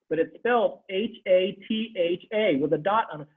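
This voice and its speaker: Man, teacher, fairly high voice, husky, tinny video-call sound. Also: a little fast, hardly any pauses. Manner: animated, repeats phrases, laughs often. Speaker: Sanskrit teacher. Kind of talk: online class teaching.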